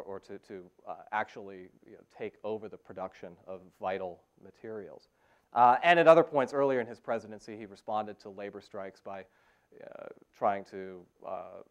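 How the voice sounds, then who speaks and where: A man giving a university history lecture, pausing often with "uh" fillers and restarting phrases. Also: lowish voice. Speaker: history professor. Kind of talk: academic lecture.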